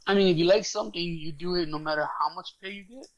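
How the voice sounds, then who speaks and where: A man's voice: sits high, fast talker, no room sound, muffled recording. A man co-hosting a podcast, ranting in casual chat with restarts and casual swearing. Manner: opinionated, rambling with restarts and swearing. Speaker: podcast co-host.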